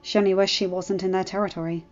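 A woman reads a fan fiction chapter aloud in a steady, even voice at a mid pitch. The recording sounds dull and lo-fi. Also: fast, faint music behind. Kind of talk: story narration.

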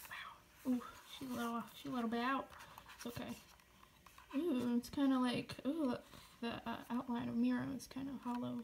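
A woman's voice: fairly high pitch, level tone, normal speed, creaky, pauses often, a little hiss or hum. A young woman gushing through an unboxing vlog, often dropping to a whisper. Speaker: vlogger.

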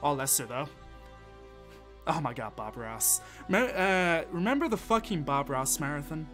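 A man's voice: a little high, animated, a little slow, fairly bright tone, faint music behind. A man, chatting and swearing casually as he thinks aloud while playing a game on stream. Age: 20s. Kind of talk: casual gameplay commentary.

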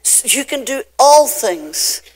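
With a high-pitched, very animated voice and a Scottish accent, an older woman pastor from Scotland preaches a sermon from the pulpit. Her emphatic phrases are long and drawn out, shifting between loudness and softness.

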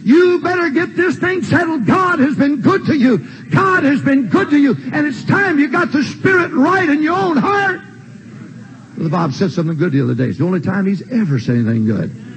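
An older man preaching a sermon in a church, emphatic and repetitive, with shouted refrains. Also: very high voice, highs cut off. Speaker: pastor. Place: church sanctuary.

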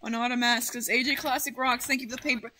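A woman streamer chatting casually, excitable and full of swearing as she rambles. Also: fairly high pitch, fast, slight background noise. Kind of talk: casual livestream chat.

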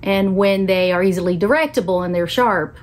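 A woman's voice: medium pitch, a little fast. Laughing older woman hosting an interview. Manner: warm, laughs often, enthusiastic. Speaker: host.

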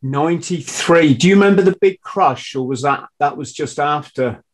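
A man's voice: a little high, moderate pace. Chatty male podcast host. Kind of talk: casual interview.

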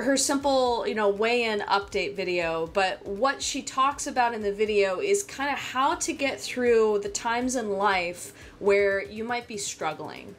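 A woman's voice: medium pitch, fairly bright tone, a little hiss or hum. A woman hosting her own fitness vlog, chatting casually in an upbeat, gushing way with small restarts. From United States. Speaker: fitness vlogger and channel host.

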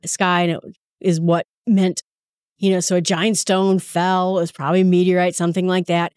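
Chatty woman with a lowish voice. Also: darkish tone, no echo, studio quality. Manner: chatty, conversational, with asides and self-corrections. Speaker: Bible study podcast host. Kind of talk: casual Bible commentary.

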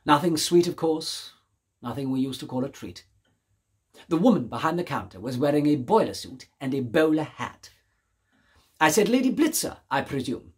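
Husky male narrator, genteel and wry, precise theatrical monologue delivery. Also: on the high side, expressive, moderate pace, long pauses.

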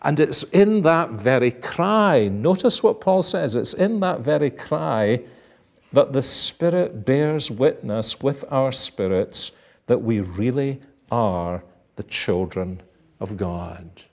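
A man preaching a sermon, deliberate and emphatic, at times acting out dramatic cries. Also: mid-range voice, expressive, creaky.

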